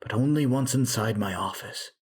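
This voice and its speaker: A man's voice: medium pitch, normal speed, husky, pitched above the performer's own voice, natural voice. A man voicing a stern male doctor who runs a group home and barks orders. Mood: firm. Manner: shouting commands.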